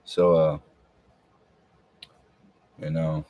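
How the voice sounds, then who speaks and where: A man's voice: a bass voice, little pitch movement, extremely slow, no room sound, narrow, tinny audio. A man talking in a casual, rambling monologue, hesitant and full of filler words. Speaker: podcast host.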